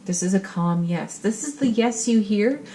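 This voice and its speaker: A middle-aged woman giving a spiritual tarot reading in a gentle, soothing, reassuring manner. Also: medium pitch, expressive, moderate pace, slight background noise, rough recording. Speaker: tarot reader.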